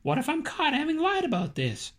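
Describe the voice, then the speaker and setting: A woman's voice: high voice, huge pitch swings, fairly quick, voice pushed up. A woman reading the part of an unsure young male politician who answers hesitantly. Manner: hesitant, uncertain.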